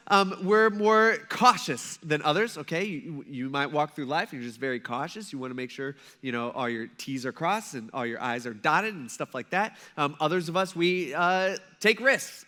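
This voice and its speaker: A man's voice: high-pitched, pushed and bright. A young man preaching as a pastor in a church, telling personal stories in a loose, conversational way with lots of asides to the congregation. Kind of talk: sermon. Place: church sanctuary.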